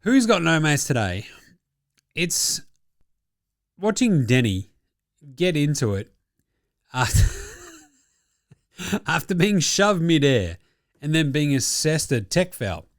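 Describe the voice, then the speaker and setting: Jokey, crude Australian bloke hosting a basketball recap; animated, dry recording. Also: male voice, fairly high pitch, takes it slowly, pauses often, no room sound. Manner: profane, jokey, laughs often. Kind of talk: casual sports recap commentary.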